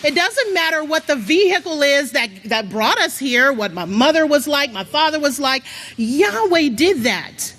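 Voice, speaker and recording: A woman preaches a motivational sermon, coaxing the congregation to repeat after her. Her voice sits high and swings widely in pitch. She sounds like she is speaking in a large worship hall. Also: moderate pace. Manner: lively call-and-response, coaxing the crowd. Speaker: church speaker.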